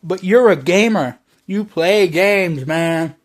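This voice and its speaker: Man vlogger, slow drawling delivery, cursing and rambling in an overblown persona. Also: high voice. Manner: exaggerated brash persona, heavy swearing, rambling. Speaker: online video creator. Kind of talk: rambling profane monologue to camera.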